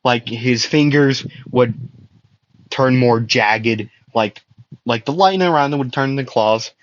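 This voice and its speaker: A young man improvises an anime fan story, loosely voicing characters, rambling with many fillers and restarts and laughing at his own jokes. He speaks at medium pitch and a measured pace, and the audio sounds dull.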